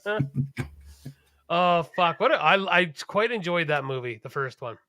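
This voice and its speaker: A man co-hosting a podcast, chatting casually in a profane, rambling, animated way. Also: on the high side, a little slow, no echo, studio quality. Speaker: podcast co-host. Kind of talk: casual chat.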